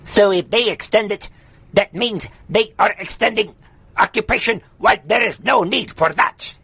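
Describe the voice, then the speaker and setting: A man putting on a foreign accent to mimic a stern male spokesman issuing threats, slow and clipped. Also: sits high, gravelly, sharp tone, husky, no room sound, voice pushed up, exaggerated voice.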